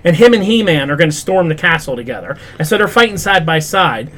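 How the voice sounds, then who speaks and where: A young man hosting a casual pop culture review podcast, recapping a show in an animated, exasperated way, full of "like" and swearing. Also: on the high side, fast talker. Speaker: podcast host.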